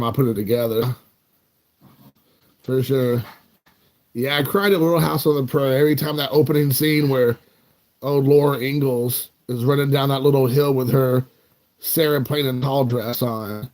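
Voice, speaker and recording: An American man in his forties who hosts a card collecting channel speaks in a medium-pitched voice with a darkish tone. He chats with his viewers in a casual, meandering way, joking and teasing himself.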